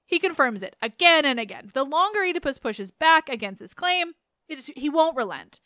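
A young adult woman hosting a podcast, retelling an old play in a chatty, animated way. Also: sits high, normal speed, no room sound, clean studio sound. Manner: chatty, animated, laughs and restarts. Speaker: podcast host. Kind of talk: casual myth retelling.

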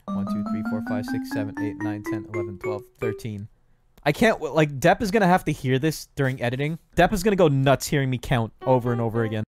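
A young man casually streaming a building game, rambling, cracking self-mocking jokes to his chat and counting out loud under his breath. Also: mid-range voice, quick pace, over music. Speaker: gaming streamer. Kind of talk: casual live-stream commentary while building.

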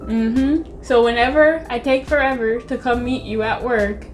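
A woman's voice: a little high, steady tone, a little slow, soft background music. A woman co-hosting a casual couple vlog, blunt and exasperated, swearing casually. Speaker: vlog co-host, wife.

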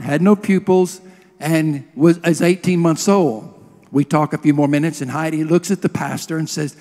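A man's voice: fairly high pitch, normal speed, darkish tone. A man preaching a sermon, telling a healing story with emotion and leading a prayer. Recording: long hall reverb.

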